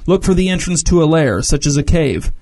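A man's voice: a little high, animated, a little fast, darkish tone. A man reading the lines of a brash, stubborn king who gives blunt orders, in a storybook reading. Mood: commanding.

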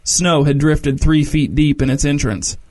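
A man reading a story aloud as narrator, measured and descriptive. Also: fairly high pitch, darkish tone.

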